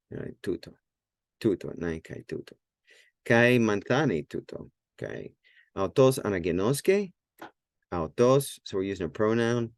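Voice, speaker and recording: A man teaching Greek grammar at a whiteboard, halting and full of fillers and self-corrections, slowly sounding out Greek phrases. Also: low voice, a little mellow, no echo.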